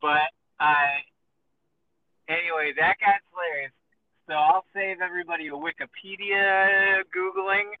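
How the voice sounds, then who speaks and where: A man's voice: sits high, steady tone, a little slow, no echo. Rambling, swearing man on a tinny line. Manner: rambling storyteller, swears freely, acts out quoted voices. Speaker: podcast host. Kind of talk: casual chat. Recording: tinny lo-fi phone-like sound with faint noise.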